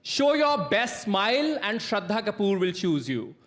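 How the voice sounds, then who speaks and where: A woman's voice: medium pitch, sing-song, unhurried. A woman hosting a live on-stage interview, upbeat and cheering the crowd on. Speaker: interview host.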